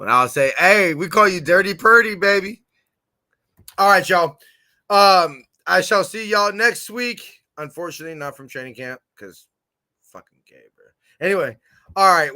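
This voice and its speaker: A man hosting a fan podcast in a casual livestream chat, excitable and giggly with lots of slang, on a computer camera mic. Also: medium pitch, no room sound.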